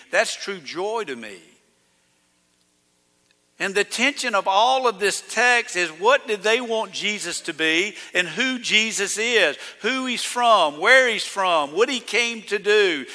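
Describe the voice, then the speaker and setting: A male pastor preaching a sermon in a folksy storytelling way, swinging between loud calls and hushed asides. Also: high-pitched, animated, slow, big-room sound.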